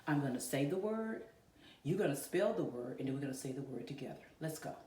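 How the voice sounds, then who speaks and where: Talking quickly in a low, dark, animated voice, a woman teacher leads a virtual class for kindergarteners and first graders. She's encouraging and questions the kids directly; the classroom sounds echoey, and she's somewhat distant from the mic.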